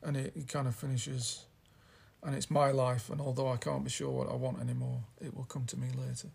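Man, gravelly voice, husky tone, casual rambling chat, halting delivery. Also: medium pitch, flat delivery, darkish tone. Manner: rambling, hesitant, reads out lyrics. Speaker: podcast host reviewing an album.

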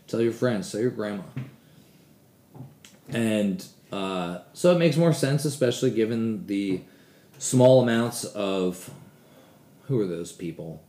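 A man's voice: lowish voice, mellow, roomy sound. A man hosting a casual solo podcast, rambling and swearing freely as he talks, often poking fun at himself. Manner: rambling, profane, self-deprecating. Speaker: podcast host.

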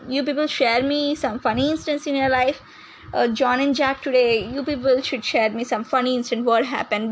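A woman's voice: high-pitched, slight background noise, rough recording. A woman hosting a comic podcast skit, chatty and teasing. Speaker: podcast host.

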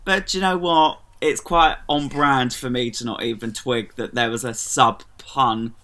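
A man chatting as a guest, animated and giggly, telling stories with quoted voices. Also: medium pitch, unhurried, slight background noise. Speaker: guest, drag performer. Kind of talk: casual chat.

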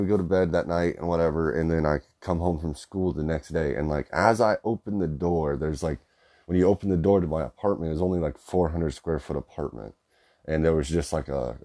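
A young man in his twenties tells a personal story casually, rambling and swearing with plenty of fillers. His voice is a mellow bass.

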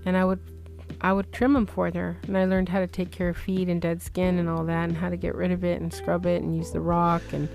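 A woman's voice: lowish voice, brisk, vocal fry. A woman on a casual podcast, telling a story and acting out every line in it with lots of laughter. Faint music plays underneath her. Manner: animated, acts out quotes, laughs through story. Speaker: podcast co-host.

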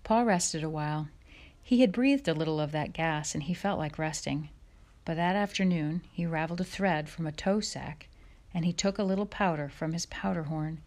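A woman reads a chapter book aloud in a measured, soft storytelling voice. Her pitch sits a little low for a woman. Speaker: audiobook narrator. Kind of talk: audiobook reading.

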